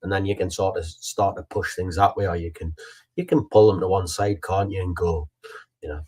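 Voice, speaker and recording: A man's voice: sits low, steady tone, a little fast, dark tone, breathy edge. A man co-hosting a casual podcast chat, talking bluntly and with a teasing edge. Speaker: podcast co-host.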